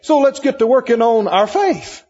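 A man preaches with emphatic repetition, pressing his congregation with questions. His voice sits high and has a husky edge. The recording is muffled, and the sound rings with long reverb from the church hall. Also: animated, normal speed, darkish tone. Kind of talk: sermon.

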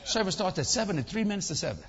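A man, preaching as a lively, laughing storyteller in a church. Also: high-pitched, very fast, gravelly, slight background noise. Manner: animated, laughing, folksy storyteller. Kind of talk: humorous storytelling sermon. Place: church sanctuary. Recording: echoey church hall, slightly dull.

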